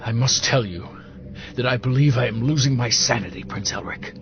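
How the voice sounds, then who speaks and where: A man's voice: mid-range voice, normal speed, close to an everyday voice. A man voicing a shaken, uneasy noble duke who speaks tensely, full of questions. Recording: dull lo-fi audio with music behind.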